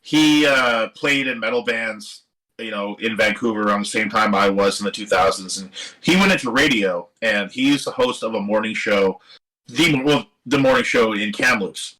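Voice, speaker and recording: A middle-aged man from Seattle, a guest musician telling a long story in a casual, animated interview, swearing now and then and acting out what other people said. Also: lowish voice, moderate pace, rough recording. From Seattle area. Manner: animated, swearing, quotes others in lively voices. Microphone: live stream microphone.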